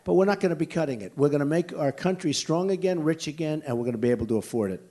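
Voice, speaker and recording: A man's voice: on the high side, rapid-fire, dark tone. An older man from the United States answering questions at a campaign rally, blunt and emphatic, repeating his points. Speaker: presidential candidate at a rally. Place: large indoor venue.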